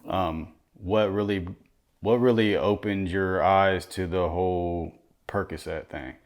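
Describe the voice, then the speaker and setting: A man interviewing a guest, asking gentle probing questions and offering brief acknowledgments. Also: sits low, fairly even intonation, slow. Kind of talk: conversational interview.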